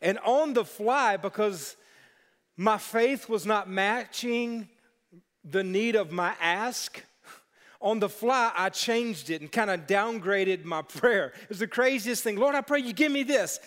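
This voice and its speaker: A man's voice: high voice, takes it slowly, fairly bright tone. A man preaching a sermon as pastor, telling stories and breaking into playful voices for the people in them. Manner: storytelling with playful character voices. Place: church sanctuary. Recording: long hall reverb.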